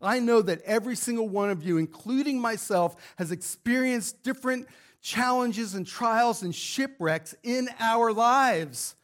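Man, pastor, sermon, high-pitched voice, fervent emphatic delivery, church sanctuary. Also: measured pace. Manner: fervent preaching, building to emphatic rhetorical questions.

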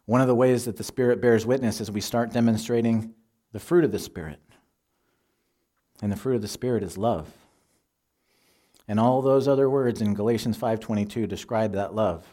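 A man preaching a sermon, teaching in a measured, earnest way and quoting scripture. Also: lowish voice, mellow.

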